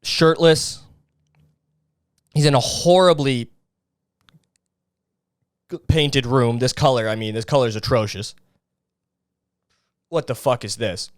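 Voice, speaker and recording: A man's voice: medium pitch, slow pace, long pauses, dry recording, clean studio sound. A man hosting a podcast, ranting in a crude, sarcastic and mocking way. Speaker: podcast host. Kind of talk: casual podcast rant.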